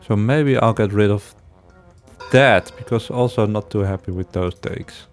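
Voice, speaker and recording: A man's voice: on the low side, unhurried, faint music behind. A man giving casual let's-play commentary, thinking aloud with hesitations and frequent chuckles. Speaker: game streamer.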